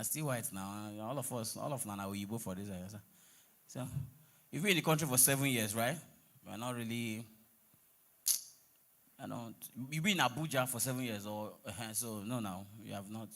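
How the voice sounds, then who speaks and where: Nigerian male stand-up, lively swooping delivery, teasing crowd work with pidgin asides. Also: mid-range voice. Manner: teasing, mixes pidgin, breaks into song. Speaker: comedian on stage.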